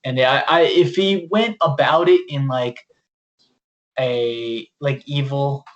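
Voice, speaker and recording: A man's voice: mid-range voice, slow, lo-fi sound. A young man co-hosting a podcast, talking sports bluntly with plenty of swearing, often mimicking what others said. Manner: blunt, profane, quotes people in mocking voices. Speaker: podcast co-host. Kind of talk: casual sports chat.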